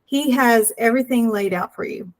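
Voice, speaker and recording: Woman, interview guest, earnest storyteller who acts out dialogue, voice on the higher side. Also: moderate pace, rough recording. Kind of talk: personal storytelling.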